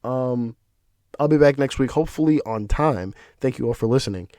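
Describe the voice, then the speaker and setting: A man hosting his own podcast, talking casually in an animated, profane, ranting way. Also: medium pitch, moderate pace, no room sound, studio quality. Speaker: podcast host. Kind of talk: casual solo commentary.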